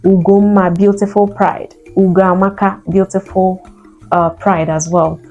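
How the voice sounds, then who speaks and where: A woman, an Igbo speaker, teaching vocabulary and slowly repeating each word for learners to copy. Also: medium pitch, little pitch movement, warm tone, lo-fi sound, soft background music. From Nigeria. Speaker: language teacher. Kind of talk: vocabulary lesson.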